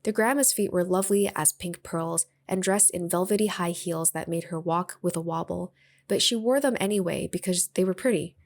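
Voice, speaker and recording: A woman with a low, even-toned voice reads a novel aloud. Her delivery is calm and measured. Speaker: audiobook reader.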